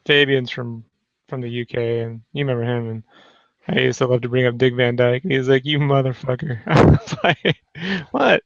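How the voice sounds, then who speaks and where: A man's voice: medium pitch, steady tone, brisk, dry recording. A man in a casual chat, laid-back and teasing, recorded with a dull, dry lo-fi sound.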